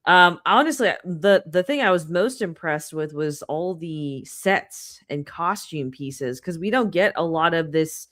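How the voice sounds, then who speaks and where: Low-voiced woman panelist, laid-back. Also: lively intonation, a little slow, hardly any pauses, a bit bright. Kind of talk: casual livestream chat.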